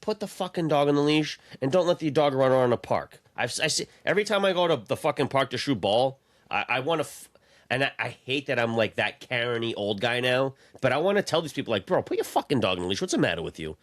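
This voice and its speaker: A man's voice: mid-range voice, expressive, fast. A man, co-hosting a podcast in casual chat, blunt and profane as he rants. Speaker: podcast co-host.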